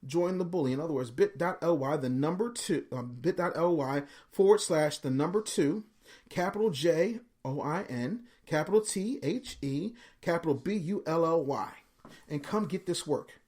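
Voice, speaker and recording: A man's voice: on the high side, moderate pace, darkish tone. A man giving a live motivational talk in a punchy, preachy way. He uses casual slang and repeats words for emphasis, driving each point home to the listener. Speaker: motivational podcast host.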